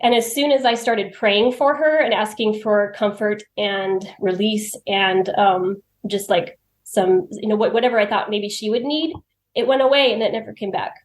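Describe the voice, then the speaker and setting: A woman's voice: medium pitch, fairly even intonation, moderate pace. A woman telling personal stories as a podcast guest. She is chatty, laughs often and acts out what she said to herself. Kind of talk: personal storytelling in conversation. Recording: roomy echo.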